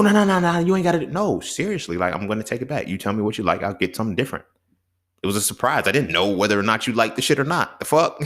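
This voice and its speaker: Slangy, profane man in casual monologue. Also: low voice. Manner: animated, slangy, profane, acts out dialogue. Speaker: podcast host.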